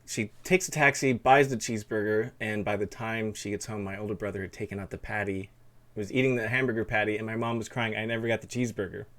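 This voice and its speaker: A man's voice: fairly low pitch, fast, fairly bright tone. A man hosting a live stream, chatting in a rambling, casual way and reading chat aloud. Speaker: streamer host.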